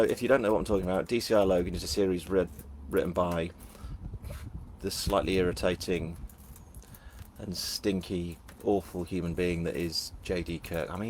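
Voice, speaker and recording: A man's voice: low voice, slight background noise. A middle-aged man with a Northern English accent, chatting casually as he reads out viewer comments at a live book launch, jokey and self-deprecating. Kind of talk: casual live-stream chat reading comments.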